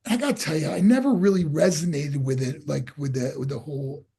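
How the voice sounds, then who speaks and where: A man in his sixties who used to wrestle professionally tells lively career stories in an interview, performing the quotes of people involved. His crackly voice is fairly high and slightly rough with vocal fry, and he talks fairly quickly.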